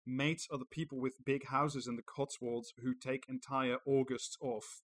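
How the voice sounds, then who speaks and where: A man's voice: mid-range voice, steady tone, normal speed, rough recording. A man co-hosting a podcast, reading an article aloud and adding sarcastic, profane commentary. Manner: sarcastic, swears freely. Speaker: podcast co-host.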